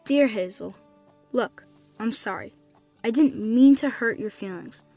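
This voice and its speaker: A woman's voice: on the high side, measured pace, dark tone, no echo, soft background music. A woman playing a cheerful, lighthearted young boy writing letters in an audio drama. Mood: apologetic. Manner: bubbly, lighthearted, playful.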